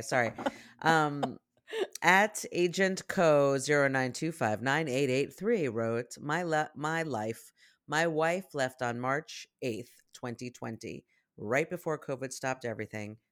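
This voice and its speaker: Podcast co-host reading listener posts, playful and chatty, quick to laugh. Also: medium pitch, a bit bright. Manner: reads posts aloud, playful, laughs often. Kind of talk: casual chat.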